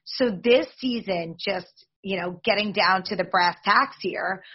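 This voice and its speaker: A woman in her forties, a league executive, answering podcast interview questions in an upbeat, promotional, fast-flowing way. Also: mid-range voice, breathy edge, lo-fi sound.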